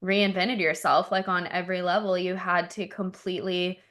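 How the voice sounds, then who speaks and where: A woman's voice: lowish voice, level tone, moderate pace, a bit bright. Enthusiastic woman podcast co-host. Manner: enthusiastic, retells stories with hesitant "um"s. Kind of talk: casual conversational podcast.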